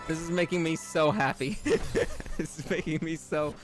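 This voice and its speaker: A man with a slightly higher voice streams a platformer, chatting loosely with his viewers. He reads their messages out loud and keeps bursting into loud, high laughter, while faint music plays behind him. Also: fairly even intonation, normal speed. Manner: reads chat aloud and reacts with loud, high laughing outbursts. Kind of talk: live game stream chat.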